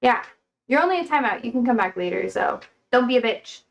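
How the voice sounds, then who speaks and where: A woman's voice: fairly high pitch, expressive, a little fast, creaky. A young woman hosting a livestream in casual chat. She rambles, swears and talks bluntly, and she is feeling unwell. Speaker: livestream host.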